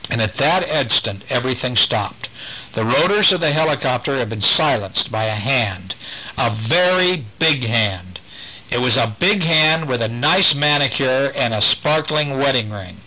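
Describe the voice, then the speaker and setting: A man reading a bedtime story aloud to his children, gentle and animated. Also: mid-range voice, unhurried, poor audio.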